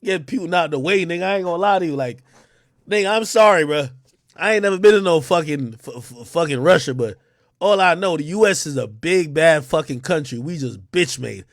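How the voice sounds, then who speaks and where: A man hosting an unscripted livestream, talking in an animated, profane way and mocking people with quick impressions. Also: on the high side, no echo, studio quality. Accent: New York. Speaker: livestream host.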